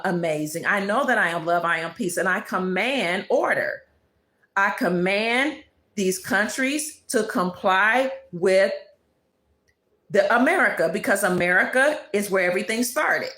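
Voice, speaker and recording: A woman's voice: mid-range voice, a bit bright. A woman hosting her own channel, giving an emphatic spiritual monologue full of repeated declarations. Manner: emphatic, declarative, preachy repetition. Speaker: channel host. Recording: roomy echo.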